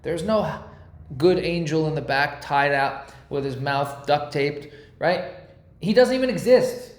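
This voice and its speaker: A man teaching a casual Torah class, lively and slangy, explaining ideas through pop-culture comparisons. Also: fairly high pitch, a little slow, echoey room.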